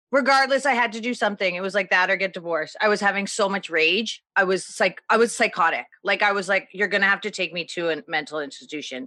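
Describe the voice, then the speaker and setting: A woman's voice: medium pitch, sharp tone, no room sound. A woman co-hosting a book club podcast, telling candid, emotional stories in casual chat.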